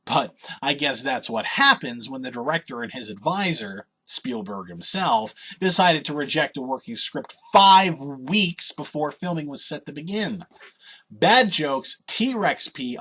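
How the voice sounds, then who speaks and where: A man's voice: on the high side, bright, forceful tone, breathy edge. A man reading a scripted video game review in an opinionated, wry and sardonic way.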